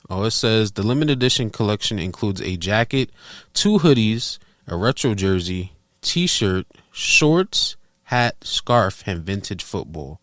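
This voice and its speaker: A man's voice: on the low side, lively intonation, measured pace, fairly bright tone, no echo, studio quality. A man from New York City with a New York accent, co-hosting a podcast in casual chat and acting out little quoted bits. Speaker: podcast co-host.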